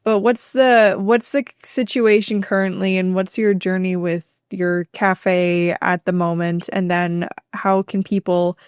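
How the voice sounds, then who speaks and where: A woman's voice: mid-range voice, level tone, measured pace, hardly any pauses, clean tone, no echo, studio quality. A woman co-hosting a podcast, asking an interview guest questions in an inquisitive way. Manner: inquisitive, laughs between questions. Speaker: podcast co-host.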